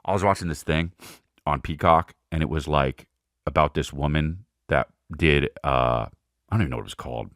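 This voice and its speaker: A man hosting a podcast, telling a rambling, excitable comedic story with frequent swearing and asides. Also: rumbling low, moderate pace, dry recording, studio quality. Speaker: podcast host. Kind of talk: casual comedic monologue.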